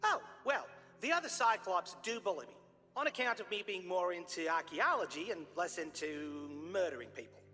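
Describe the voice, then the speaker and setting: A timid cyclops. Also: male voice, high-pitched, animated, normal speed, bright, forceful tone, soft background music. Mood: sheepish. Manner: fretful and apologetic, British slang. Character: timid, polite male cyclops archaeologist. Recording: game audio with long reverb.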